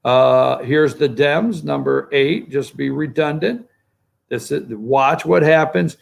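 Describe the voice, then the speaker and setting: A man's voice: a little high, takes it slowly, creaky. A man hosting a political talk show, rambling through commentary and calling up pictures for his producer. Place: studio.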